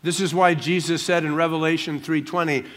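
A man's voice: fairly high pitch, fairly even intonation, brisk, fairly bright tone. A man preaching a sermon in church, talking in a humorous, conversational way with everyday stories. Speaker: pastor.

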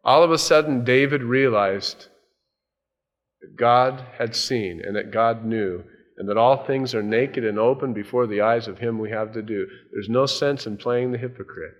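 A male pastor preaching a sermon, telling a Bible story with lively swings between loud and hushed delivery. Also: medium pitch. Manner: animated storytelling, dropping to hushed tones for emphasis.

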